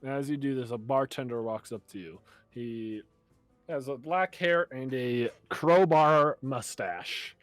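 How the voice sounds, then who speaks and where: A man's voice: mid-range voice, takes it slowly, no echo, soft background music. A man narrating a tabletop game as game master, laughing often and playful.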